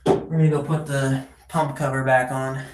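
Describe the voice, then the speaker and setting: Low-voiced woman streamer, loose and rambling. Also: little pitch movement, moderate pace, a little mellow. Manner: loose, rambling, swears casually. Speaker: livestreamer. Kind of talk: casual livestream chat. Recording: echoey room.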